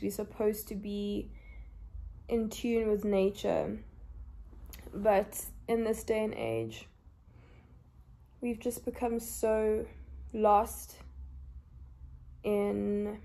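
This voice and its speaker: Tired young woman, slow and gravelly. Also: mid-range voice. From South Africa. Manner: soft-spoken, emotional and open. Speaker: vlogger. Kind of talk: confessional vlog. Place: lying in bed.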